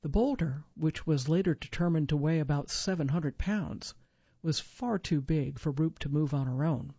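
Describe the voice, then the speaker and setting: A woman reading a magazine article aloud for a reading service, in a clear, even, measured way. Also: low-pitched, no room sound, dull audio. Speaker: volunteer reader for a reading service. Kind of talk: scripted narration of magazine article.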